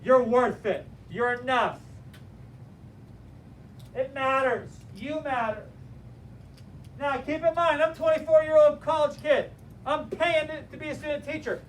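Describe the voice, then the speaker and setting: A man teaching a class, telling a story in an animated, direct and motivational way. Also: extremely high pitch, moderate pace. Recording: distant mic with faint room noise.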